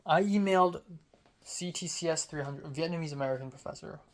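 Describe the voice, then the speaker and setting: A sleepy young man from Hong Kong, a student telling a rambling casual vlog story, talking slowly with many fillers. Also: fairly high pitch. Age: young adult. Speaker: student vlogger.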